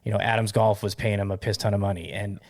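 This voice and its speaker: A man hosting a casual golf podcast, animated and fond of teasing his guests with hot takes. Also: on the low side, quick pace, dry recording, studio quality. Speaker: podcast host. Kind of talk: casual chat.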